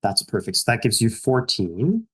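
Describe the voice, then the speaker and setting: Low-voiced man narrating as game master. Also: big pitch swings, moderate pace, a bit bright, slightly rough. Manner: casual, rambling with many fillers.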